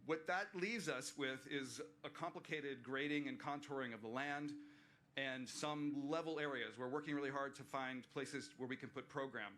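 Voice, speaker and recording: A park planner presents plans at a livestreamed community meeting held at a waterfront venue, speaking earnestly and explaining things with fillers and restarts. His mid-range, somewhat bright voice moves at normal speed, with slight background noise.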